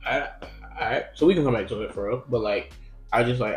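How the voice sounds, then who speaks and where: A man's voice: medium pitch, brisk, faint music behind. A young man telling a personal story in casual chat, rambling and profane with lots of fillers. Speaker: podcast co-host. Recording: roomy echo.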